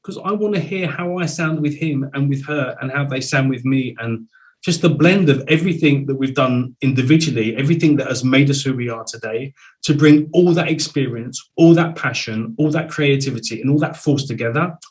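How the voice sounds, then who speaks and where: A man hosting an interview show, telling stories in a lively, animated way. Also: medium pitch, brisk, rough recording. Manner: animated storyteller, voice swings up with excitement. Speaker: show host and singer. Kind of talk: casual video-call interview.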